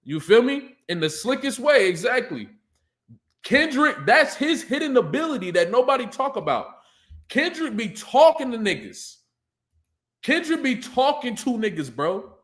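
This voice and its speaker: High, animated man hyping rap bars. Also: moderate pace. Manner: excitable, hypes up lines, breaks into shouts and laughs. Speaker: battle rapper breaking down diss tracks. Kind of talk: casual reaction commentary.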